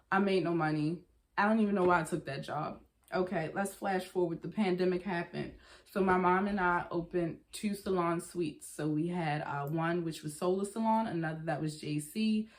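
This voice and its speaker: A young woman vlogger chatting casually through a storytime, acting out what people said to her in quick quoted voices. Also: lowish voice.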